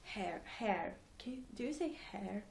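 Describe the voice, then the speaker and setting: A woman's voice: mid-range voice, lively intonation, unhurried, creaky, a little mellow, slight background noise. A teenage girl rambling casually in a home vlog, giggling and mocking herself between thoughts. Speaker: vlogger.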